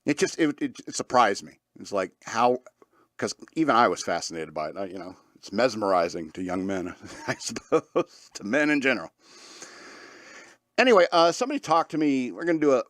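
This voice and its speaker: A man's voice: mid-range voice, very animated, a little fast, dry recording. Man, talk radio host, casual rambling monologue, fillers, dry recording. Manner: rambling, laughs often, many fillers.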